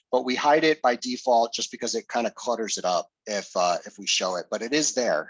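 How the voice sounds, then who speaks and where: A man's voice: medium pitch, no room sound, low-quality recording. A man giving a casual, explanatory screen-share demo of a web tool and answering questions, with fillers and restarts. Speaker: presenter.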